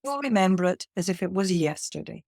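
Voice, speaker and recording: A woman, a leadership coach telling a lively workplace anecdote as a podcast guest. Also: on the low side, fairly quick, vocal fry, no room sound, studio quality. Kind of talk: conversational storytelling.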